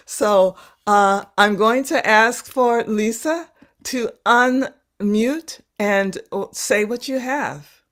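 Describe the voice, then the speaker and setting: A woman leading a live online workshop over a video call, speaking gently and haltingly, repeating words as she searches for them. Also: mid-range voice. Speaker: workshop facilitator.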